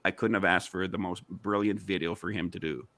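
A man's voice: deep voice, fairly even intonation, brisk, fairly bright tone, dry recording. A man in a heated online panel discussion, arguing insistently and firing off rhetorical questions.

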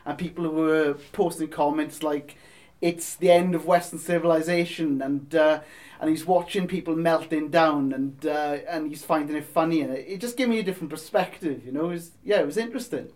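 A man's voice: on the high side, brisk, darkish tone. A man in a band, chatting casually in an interview, rambling with restarts. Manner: rambling, many restarts and fillers. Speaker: band member guest.

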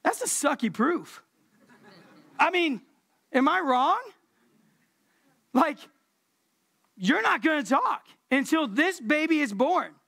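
Speaking slowly with vocal fry and frequent pauses, a woman preacher with a high-sitting voice gives a conversational, slangy sermon. She stays relaxed and repeats words to stress them.

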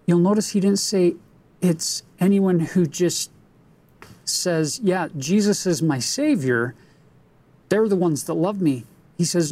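A man reading scripture aloud and commenting on it in a slow, emphatic, deliberate way. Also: fairly high pitch, a little mellow, slightly rough. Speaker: scripture teacher.

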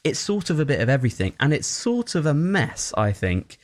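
A man's voice: fairly high pitch, fairly quick, no echo. Opinionated man chatting about a film. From not American. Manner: animated, opinionated, many fillers and restarts. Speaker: film reviewer. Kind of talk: casual film review chat.

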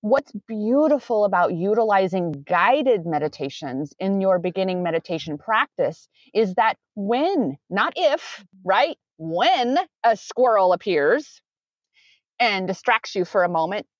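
A woman coach talks things through in an earnest, wandering way, restarting and correcting herself as she goes. Her voice sits at an ordinary middle pitch. The recording sounds dry and a little dull, like a lo-fi capture. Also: big pitch swings, measured pace, dry recording. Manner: meandering, self-correcting, earnest. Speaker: coach with clients. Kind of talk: conversational interview.

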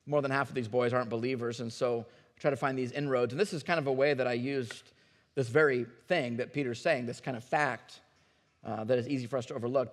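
A man's voice: medium pitch, in a large hall. A man preaching a sermon as a pastor, talking to the congregation in an earnest, conversational way and often repeating his words.

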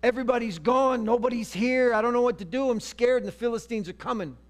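Preacher playing a scared pleading king, a bit high. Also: normal speed, natural voice. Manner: pleading, anxious. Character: frightened desperate old king.

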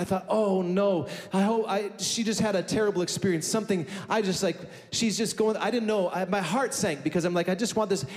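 A man preaching a sermon as pastor, telling a story emphatically and building to fervent declarations. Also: sits high. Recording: echoey hall with soft music.

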